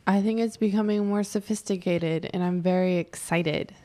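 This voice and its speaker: A woman's voice: mid-range voice, steady tone, moderate pace, warm tone. Reflective woman artist, chatty. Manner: reflective, rambling, many fillers. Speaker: artist guest. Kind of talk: casual interview chat.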